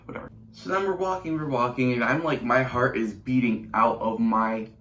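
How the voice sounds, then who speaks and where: A man's voice: medium pitch, normal speed, a bit bright. A teenage boy YouTuber telling a casual storytime vlog with chatty, sarcastic asides and rambling restarts. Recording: roomy echo.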